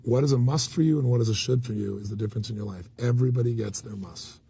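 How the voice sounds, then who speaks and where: Man, raspy gravelly voice, dark tone, blunt emphatic interview guest. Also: mid-range voice, quick pace. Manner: blunt, emphatic storyteller with occasional swearing. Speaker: motivational speaker and interview guest. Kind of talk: candid conversational interview.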